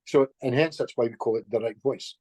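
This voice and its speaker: A middle-aged man, a guest healer, telling stories in a lively, chatty way with chuckles and restarts. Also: medium pitch, brisk, dry recording. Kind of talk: casual storytelling in conversation.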